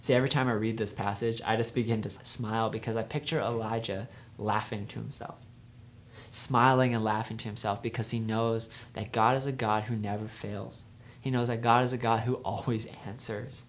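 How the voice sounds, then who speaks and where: A man's voice: lowish voice, a little fast, a little hiss or hum. Young man giving a casual youth sermon. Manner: conversational storytelling, swings from energetic to hushed. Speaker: youth speaker.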